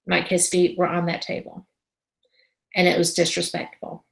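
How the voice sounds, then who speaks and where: A woman who is a paranormal investigator, telling a story as a guest in a casual interview. She is animated and acts out the conversations she describes. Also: lowish voice, normal speed, creaky, echoey room, rough recording. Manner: animated, re-enacting conversations as she tells them.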